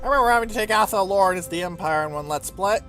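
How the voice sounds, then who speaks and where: A man's voice: high voice, very fast, a bit bright, soft background music. A man giving casual, chatty commentary over his strategy game let's play, swearing now and then. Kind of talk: gameplay commentary.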